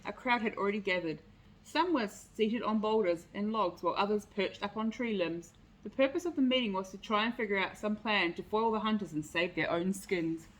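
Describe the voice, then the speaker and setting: A woman's voice: medium pitch, poor audio. A woman reading a picture book aloud with expression. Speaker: storyteller.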